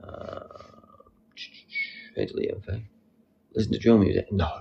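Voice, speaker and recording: A young man hosting a casual live stream, reading out comments with a playful, silly manner and sudden squeaky jokes. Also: expressive, a little slow, vocal fry, highs cut off. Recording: faint background noise.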